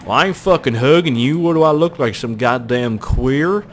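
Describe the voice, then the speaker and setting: A man imitating a blunt, gruff young country man, louder than his usual talk. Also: mid-range voice, big pitch swings, moderate pace, slight background noise, natural voice.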